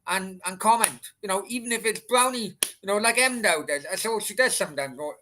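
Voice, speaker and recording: There's background noise behind this man's high voice as he talks a little fast. He's from Wales and hosts a casual late-night livestream Q&A, rambling through answers to chat with plenty of swearing and restarts.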